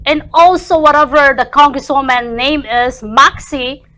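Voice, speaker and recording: A woman's voice: high-pitched, fairly even intonation, unhurried, bright, forceful tone. A woman with a voice, speaking in passionate, indignant bursts on a talk show. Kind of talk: heated political opinion.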